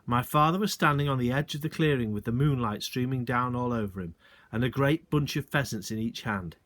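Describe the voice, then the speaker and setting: A male teacher reading a children's book aloud, expressive, with short asides to the listeners. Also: medium pitch, a little fast.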